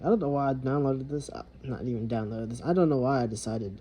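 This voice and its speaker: A man's voice: mid-range voice, fast, hardly any pauses, mellow, breathy edge, low-quality recording. A young man venting in a rambling, frustrated way, swearing heavily as he talks to the camera. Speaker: vlogger. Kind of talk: casual venting monologue.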